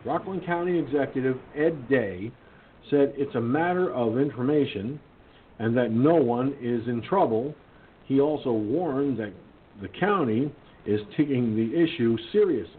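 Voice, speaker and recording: A man's voice: mid-range voice, a little slow. A male internet radio host who reads news items aloud and then rants about them, indignant and swearing. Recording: tinny phone-line sound with faint hiss.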